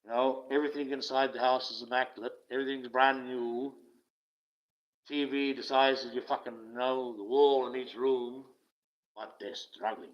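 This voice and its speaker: A man hosting a livestream in a casual rant, profane and sarcastic, swinging from loud outbursts to mutters, on dull lo-fi audio. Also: mid-range voice, flat delivery, normal speed. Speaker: livestream host.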